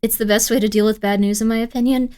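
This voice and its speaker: A woman's voice: on the high side, fairly even intonation, fast, dark tone, smooth. Giggly, apologetic woman streamer. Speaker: streamer reacting to videos. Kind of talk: casual live-stream commentary.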